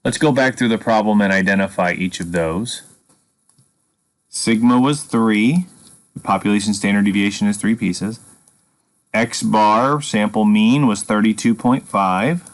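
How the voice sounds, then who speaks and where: A man's voice: on the low side, unhurried. A man teaching a statistics lesson, explaining patiently and step by step with a dry sense of humor. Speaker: math teacher. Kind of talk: screen-recorded statistics lesson.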